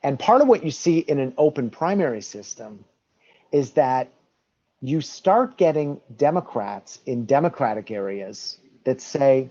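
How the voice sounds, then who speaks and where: A man guesting on a podcast as an election reform advocate makes his points emphatically, sometimes restarting sentences. His mid-range voice is sing-song, unhurried, and dark in tone, on dull lo-fi audio.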